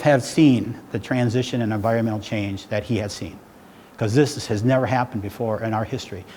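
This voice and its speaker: A man's voice: mid-range voice, darkish tone. A middle-aged man giving a public talk as loose, rambling storytelling, often checking in with "right?". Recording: hall reverb with faint background noise.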